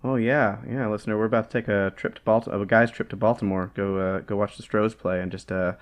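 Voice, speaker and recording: A man's voice: on the low side, fairly even intonation, quick pace. A man co-hosting a podcast in casual chat, rambling and hunting for words with lots of fillers. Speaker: podcast co-host.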